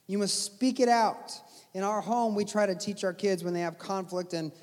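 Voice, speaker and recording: A man's voice: sits high, normal speed, darkish tone, big-room sound. A man, a pastor, delivering an earnest sermon and pressing his points with repeated phrases.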